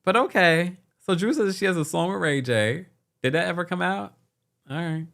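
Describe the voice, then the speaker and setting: A man's voice: sits high, normal speed, gravelly, a bit bright. A man hosting a reality TV recap podcast, chatting casually and talking straight to his viewers.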